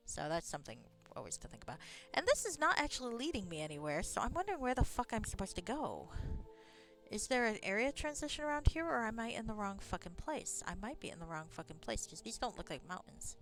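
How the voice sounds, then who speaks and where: A woman's voice: a little high, big pitch swings, quick pace, fairly bright tone, soft background music. A woman streamer chatting casually while playing a game. She rambles, swears freely and laughs often. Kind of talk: casual gameplay chat.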